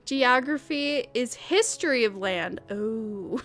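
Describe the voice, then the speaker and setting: A woman's voice: fairly high pitch, sing-song, takes it slowly, fairly bright tone, soft background music. A young woman chatting casually while streaming a game, rambling, stumbling over words and laughing often. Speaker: streamer playing a cleaning game. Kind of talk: casual livestream chat while gaming.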